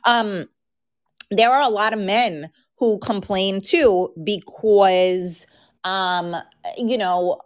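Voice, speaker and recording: Frank, chatty woman podcast host. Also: medium pitch. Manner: frank, chatty, talks straight to listeners. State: losing her voice. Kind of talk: casual chat.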